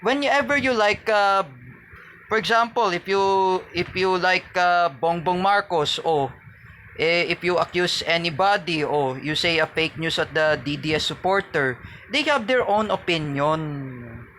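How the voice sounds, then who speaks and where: A man with a Filipino accent rants angrily at a rival in a vlog, stressed and insulting, repeating himself with frequent pauses. His voice is high-pitched and sharp, with slight background noise.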